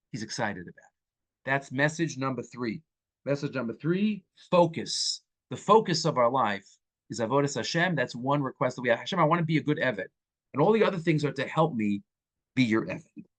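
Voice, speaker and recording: A man teaching a Torah class as a rabbi. He speaks animatedly and sprinkles Hebrew and Yiddish terms into his English. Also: moderate pace. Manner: animated, acts out quoted speakers with swings in pitch.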